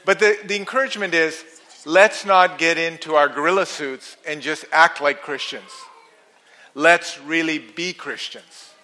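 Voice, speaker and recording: A middle-aged preacher with a high, bright voice, spinning a story in an animated way. He chuckles at his own jokes and swings from playful to earnest. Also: measured pace. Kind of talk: sermon.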